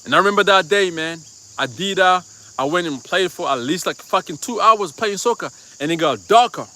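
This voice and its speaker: A man's voice: sits high, expressive, moderate pace, sharp tone. A man giving a live-stream sermon in a casual, profane, conversational way, telling a personal story and constantly checking in with the listener. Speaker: preacher.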